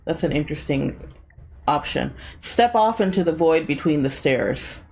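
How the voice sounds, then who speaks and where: A woman's voice: low voice, lively intonation, moderate pace, gravelly, darkish tone. A woman playing a video game aloud, reading choices and bantering sarcastically with the characters. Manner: sarcastic, playful. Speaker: game streamer. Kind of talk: casual let's-play commentary.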